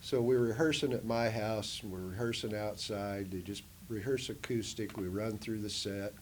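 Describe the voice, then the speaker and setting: Low-voiced man telling band stories. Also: moderate pace, a little hiss or hum. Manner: animated, acts out quotes in a raised voice; drops low and soft on sad parts. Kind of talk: casual oral history storytelling. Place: museum interview room.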